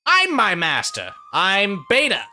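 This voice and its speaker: A man's voice: high voice, huge pitch swings, slow pace, bright, forceful tone, voice pushed up, full character voice. A man voicing a pair of stiff, pompous male stone golem guardians. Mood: haughty. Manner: stiff, formal.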